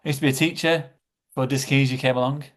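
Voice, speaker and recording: Middle-aged man, halting guest. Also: mid-range voice, steady tone. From England. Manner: halting, repeats words. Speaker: podcast guest. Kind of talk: casual chat.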